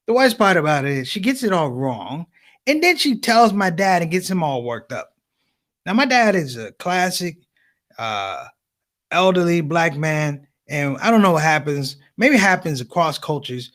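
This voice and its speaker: A man doing stand-up comedy, telling stories as an animated storyteller with big voice swings. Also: fairly high pitch, normal speed.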